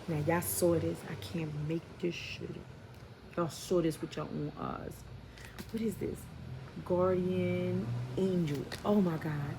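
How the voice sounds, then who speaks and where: A woman's voice: lowish voice, moderate pace. A woman with a New York accent giving a heartfelt spiritual tarot reading to her viewers. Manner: heartfelt, preachy, addresses viewers as y'all and baby. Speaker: tarot reader. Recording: noisy home recording.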